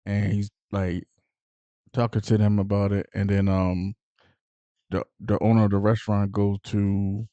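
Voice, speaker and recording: A man casually recapping a mob movie, rambling with fillers and acting out the characters' lines in a lively way. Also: lowish voice, a little slow, no echo, dull audio. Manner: animated retelling with acted-out quotes. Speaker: movie reviewer.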